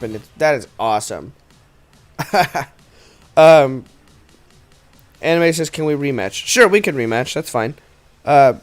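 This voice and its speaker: A young man casually commenting on a video game stream, rambling with many fillers and giggling often. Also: on the high side. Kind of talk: casual let's-play commentary. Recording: faint game music behind.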